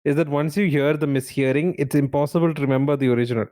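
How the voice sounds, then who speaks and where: A man's voice: a little high, steady tone, fast talker, warm tone. A man co-hosting a podcast quiz, playfully exasperated in casual banter.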